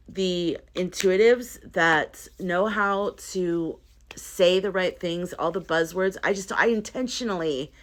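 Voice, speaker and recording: Woman, somewhat low voice, earnest, rambling, casual vlog chat. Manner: earnest, rambling, self-interrupting. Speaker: spiritual content creator. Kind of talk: casual to-camera vlog talk.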